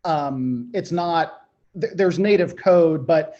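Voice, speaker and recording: Soft-spoken man on dull call audio. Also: fairly high pitch, slow. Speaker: software developer. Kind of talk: technical explanation in a meeting.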